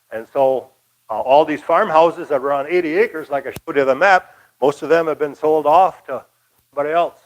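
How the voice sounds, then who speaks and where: A man's voice: a little high, poor audio. Folksy older man giving a local talk. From Michigan. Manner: folksy, rambling with many uh fillers. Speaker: local history speaker. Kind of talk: casual lecture.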